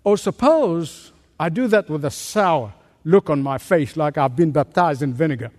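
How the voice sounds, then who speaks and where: Animated high-voiced male preacher. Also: normal speed. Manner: animated preaching, rhetorical questions, self-deprecating asides. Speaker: pastor. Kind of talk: sermon. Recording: long reverb of a large hall.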